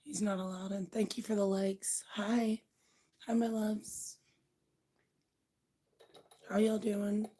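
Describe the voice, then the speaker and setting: A woman hosting a late-night livestream, talking softly and half-whispered in a raspy, worn-out voice, unhurried and blunt. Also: medium pitch, little pitch movement. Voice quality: soft, half-whispered talk. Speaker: livestream host.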